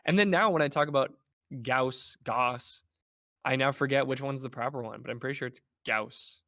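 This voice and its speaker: A man chatting casually as a guest on a podcast, animated and playful, slipping into mock voices. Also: medium pitch, quick pace. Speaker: guest, game developer.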